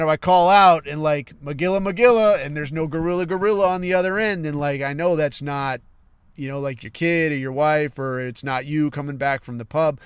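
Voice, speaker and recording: A male podcast host in a casual monologue, blunt and heavy on profanity. His voice sits a little high and comes through smooth and resonant. The sound is dry and close. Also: no echo. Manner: blunt, profane, fillers like "like" and "right".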